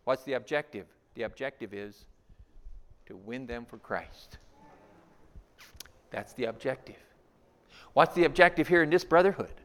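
A man's voice: medium pitch, a little slow, pauses often. Preaching man in a reverberant hall. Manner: repeats key lines, asks rhetorical questions, swings from loud to hushed. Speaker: pastor. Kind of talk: sermon. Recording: long reverb of a large hall.

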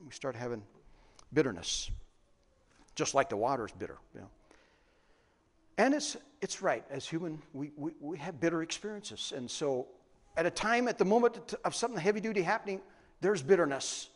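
A man delivers a sermon in a fairly high voice that swings widely up and down. He keeps putting questions to his listeners. His voice rings with the long reverb of a large hall. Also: moderate pace. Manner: lively, questioning the congregation. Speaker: pastor.

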